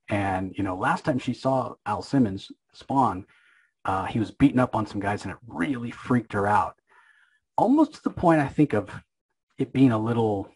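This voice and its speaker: A man's voice: on the low side, breathy edge, low-quality recording. A man casually recapping a comic book issue, rambling and opinionated, with lots of filler words.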